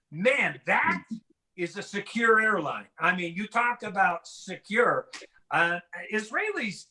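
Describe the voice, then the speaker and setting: A middle-aged man performs a stand-up set from his home, talking to the audience over a video call. His voice sits high and sounds bright and forward. He tells his jokes in a loose, chatty, self-deprecating way. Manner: conversational, self-deprecating joke delivery. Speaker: stand-up comedian. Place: home in a house.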